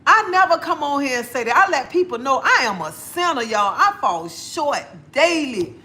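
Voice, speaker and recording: A woman's voice: high voice, sing-song, normal speed, bright, forceful tone. A middle-aged woman, chatting bluntly on a livestream and laughing often. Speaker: livestream host. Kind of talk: casual livestream chat.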